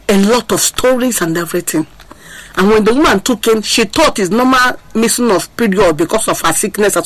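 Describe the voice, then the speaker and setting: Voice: mid-range voice, fairly bright tone, dry recording, low-quality recording. A preacher gives a sermon, repeating refrains in a sing-song, impassioned way and asking the listeners whether they are hearing. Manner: asks the audience to listen.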